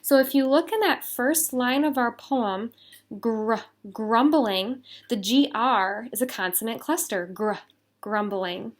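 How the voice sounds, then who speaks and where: A woman teacher giving a recorded phonics lesson to young children, patient and sounding out letter sounds slowly and deliberately. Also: sits high. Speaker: elementary school teacher.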